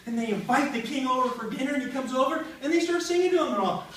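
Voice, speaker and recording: Animated man telling a story to a class. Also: very high-pitched, fast talker, hardly any pauses. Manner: animated, jumps between character voices, playful. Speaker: storyteller performing for a school class. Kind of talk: comic one-man retelling of a play. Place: school classroom. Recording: echoey classroom from far off.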